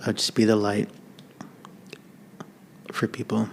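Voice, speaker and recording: A man speaking off the cuff as a podcast guest, halting with many restarts. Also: lowish voice, monotone, creaky, a little hiss or hum. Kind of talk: off-the-cuff conversation.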